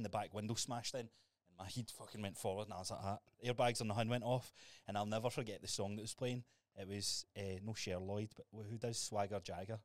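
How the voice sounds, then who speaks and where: A young Scottish man co-hosting a podcast, telling stories in a sweary, animated way. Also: fairly low pitch, no echo. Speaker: podcast co-host. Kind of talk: casual chat.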